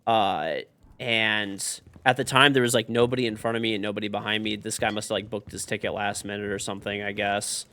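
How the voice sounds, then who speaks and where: Animated swearing male streamer. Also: mid-range voice, a little hiss or hum. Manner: animated storyteller, swears a lot. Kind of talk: casual chat while gaming.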